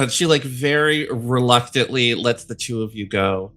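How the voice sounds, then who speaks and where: A man's voice: mid-range voice, moderate pace, few pauses, pushed and bright, faint music behind. A man narrating a tabletop game as game master, in a casual, rambling way with many fillers.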